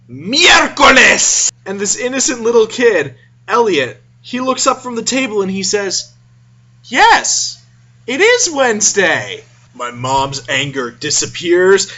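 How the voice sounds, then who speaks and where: A man's voice: high-pitched, a bit bright, muffled recording. A man casually telling a comic story to camera in a home video, chatty, with self-aware asides. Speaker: vlogger.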